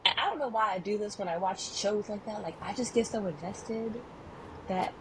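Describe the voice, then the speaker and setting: A woman in her thirties co-hosting a podcast in casual chat, animated and expressive, laughing often as she tells stories. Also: mid-range voice, normal speed, background noise. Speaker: podcast co-host.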